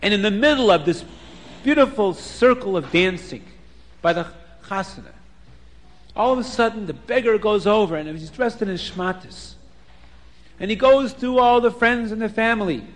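A man telling a folk tale aloud in an animated way, sprinkling in Yiddish words. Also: high-pitched, normal speed, long reverb tail. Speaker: storyteller. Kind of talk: oral folk storytelling.

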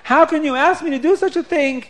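Brief: man doing an anxious young man, high-pitched, asking nervous questions. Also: lively intonation, moderate pace. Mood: distressed. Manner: questioning, rising into alarm.

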